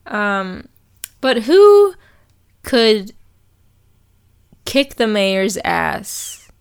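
A woman co-hosting a podcast, recapping a cartoon in animated, casual chat full of swearing and acted-out quotes. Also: medium pitch, very slow, clear, resonant tone. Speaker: podcast co-host.

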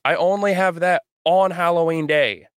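A man's voice: on the high side, moderate pace, smooth, no room sound, studio quality. A young man co-hosting a podcast, telling a rambling, profane story in casual chat. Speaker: podcast co-host.

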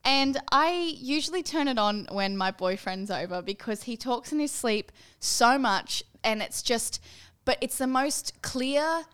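A woman's voice: fairly high pitch, expressive, a little slow, fairly bright tone, smooth. A young adult woman co-hosting a podcast, chatting casually and breaking into laughter as she tells stories. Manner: giggly, laughs often mid-story. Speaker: podcast co-host. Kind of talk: casual chat.

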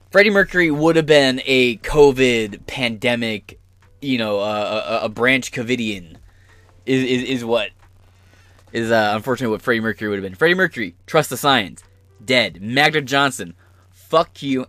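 A male podcast host rants through political commentary, swearing often and dripping with sarcasm. His voice sits at an average pitch. The recording is dry and close. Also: brisk, a bit bright, no room sound. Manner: profane, heated, sarcastic.

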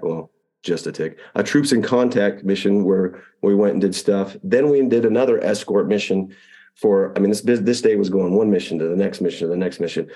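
A man who flew Apache helicopters, telling a combat story in a conversational interview, acting out radio calls and often restarting phrases. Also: low-pitched. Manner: animated retelling, acts out radio calls, frequent restarts.

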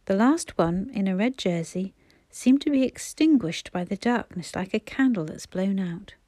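Woman narrator, audiobook, steady, measured, mellow voice, dry close sound. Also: mid-range voice, no echo.

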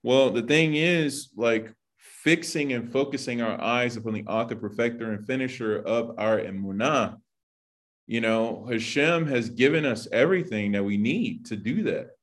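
A man's voice: mid-range voice, normal speed. A man teaching an informal sermon in a loose, conversational way, full of "like" and "you know". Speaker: Bible teacher.

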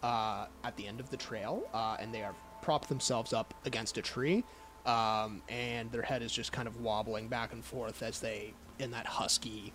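Bright-voiced young game master. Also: male voice, mid-range voice, steady tone, faint music behind. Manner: halting, descriptive narration. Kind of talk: narrating a tabletop horror game.

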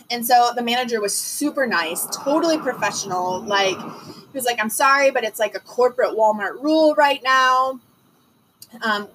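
A woman from Detroit telling a story in casual chat, animated and full of fillers, acting out the lines she quotes. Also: fairly high pitch, slightly rough, rough recording.

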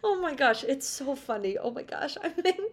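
A young woman co-hosts a chatty podcast in a high, very animated voice at a normal pace. She's bubbly and gushing, laughs often, and fills her casual chat with lots of "like."

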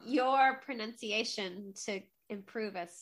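A woman co-hosting a baking podcast, cheerful and quick to laugh, sometimes reading out background notes. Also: a little high. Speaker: podcast co-host. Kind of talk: casual chat and read-out segment intro.

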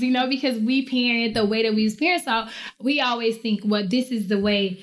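Chatty storytelling mom, high voice. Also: female voice, fairly quick. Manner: storytelling, animated when quoting, laughs often. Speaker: podcast host and parent. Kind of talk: casual family podcast chat.

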